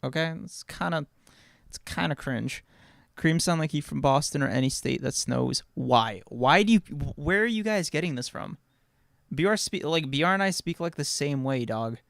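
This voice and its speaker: A man's voice: fairly high pitch, animated, moderate pace, vocal fry, a bit bright, no room sound, clean studio sound. A man co-hosting a podcast, chatting casually with a lot of swearing and stammered repeats. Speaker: podcast co-host. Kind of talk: casual chat reacting to live chat.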